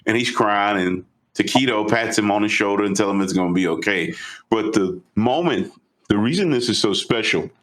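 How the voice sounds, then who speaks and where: A man co-hosting a podcast, retelling a story in an animated, casual way. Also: on the low side, moderate pace. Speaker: podcast co-host.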